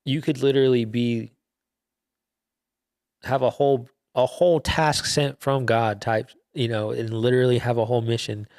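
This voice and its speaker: A man's voice: mid-range voice, fairly even intonation, normal speed, darkish tone, dry recording, clean studio sound. A young man hosting a podcast, casually retelling a Bible story in loose slang with laughs and fillers. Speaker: podcast host.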